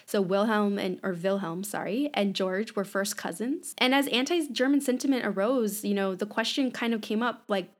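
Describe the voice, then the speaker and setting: A woman's voice: mid-range voice, normal speed, few pauses. Chatty woman explaining history. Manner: explanatory, lively, many fillers like "you know" and "like". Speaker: podcast co-host. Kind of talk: casual history podcast chat.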